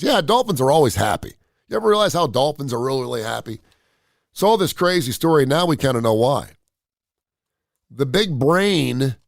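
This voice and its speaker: A medium-pitched man hosts a live radio show, delivering blunt, opinionated, animated rants laced with crude humor, like a casual live-stream monologue. The audio is studio quality with no room sound.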